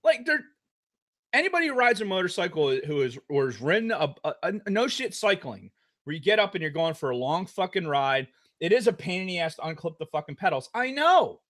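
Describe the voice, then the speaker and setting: A man's voice: high-pitched, very animated, fairly quick, a bit bright. A man co-hosting a podcast in casual chat, ranting angrily and swearing constantly. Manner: heated, profanity-laden ranting. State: angry. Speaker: podcast co-host.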